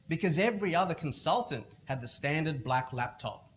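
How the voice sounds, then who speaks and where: A middle-aged man with an Australian accent gives a keynote at a school event. His voice sits somewhat high, and he tells stories with animated energy, slipping into other people's voices as he goes. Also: a little fast, a little hiss or hum. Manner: animated storytelling, acting out other people's lines. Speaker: motivational speaker. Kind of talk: keynote talk at a school festival.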